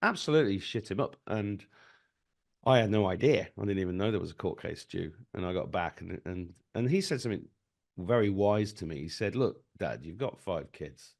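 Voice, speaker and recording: A man's voice: fairly low pitch, brisk, gravelly. A middle-aged man from Britain, a guest telling stories in casual conversation and acting out the voices in them. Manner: animated storyteller, acts out voices in anecdotes.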